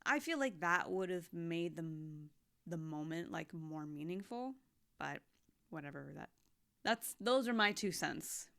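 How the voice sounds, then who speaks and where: A young woman chatting casually about a series she watched, heartfelt and expressive, moving between hushed and loud. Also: on the low side, measured pace, gravelly. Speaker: anime reaction vlogger. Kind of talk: casual recap chat.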